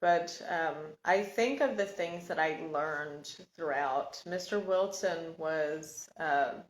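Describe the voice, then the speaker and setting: A woman telling her own life story in a casual, reflective monologue, halting and searching for words. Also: deep voice. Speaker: podcast host sharing personal story. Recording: echoey room.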